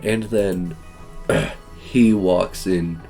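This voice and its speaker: A man's voice: deep voice, steady tone, drawn-out words, vocal fry, dark tone, soft background music. A young man streaming a game, reading its text aloud with joking, gushing asides. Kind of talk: let's-play narration.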